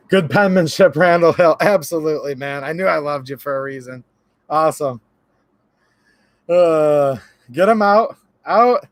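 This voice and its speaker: Jokey male streamer chatting with viewers; high, gravelly tone, recorded dry. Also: unhurried, pauses often, dry recording. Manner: laughs a lot, reads chat aloud, jokey. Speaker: livestream host. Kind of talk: casual live-stream chat.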